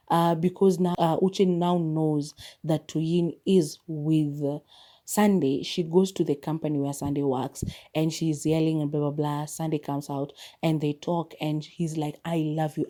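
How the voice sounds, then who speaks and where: A woman's voice: low-pitched, mellow. A woman podcast host giving a casual, chatty movie review, retelling scenes with quoted lines and lots of filler words.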